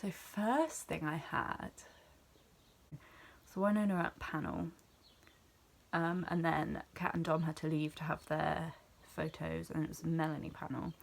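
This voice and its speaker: A young woman from near Bristol with a West Country English accent, chatting excitedly and rambling as she recaps an event in a vlog. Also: sits low, measured pace, gravelly. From England. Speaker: vlogger. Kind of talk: casual chat.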